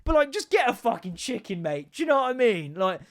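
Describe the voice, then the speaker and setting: A man's voice: very high-pitched, big pitch swings, fairly quick. A man hosting a podcast, ranting in casual chat, sweary, sarcastic and exasperated. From England. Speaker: podcast host.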